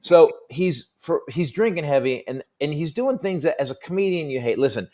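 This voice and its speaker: A middle-aged comedian telling a profane stage story on a talk panel, jumping into high, loud voices for the people in it. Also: male voice, lively intonation, normal speed. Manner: profane, punchy anecdote telling. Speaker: comedian guest.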